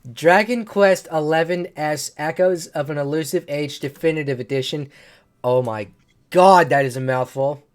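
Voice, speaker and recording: A chatty man with a slightly higher voice runs through game news on a casual podcast. He rambles, trips over his words and corrects himself, chuckling at his own slips. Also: normal speed. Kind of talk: casual chat.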